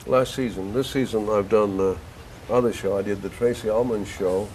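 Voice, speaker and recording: Older male actor guest, lowish pitch, chatty storyteller, local studio interview. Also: moderate pace, slight background noise, rough recording. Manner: animated storyteller, rambling with restarts.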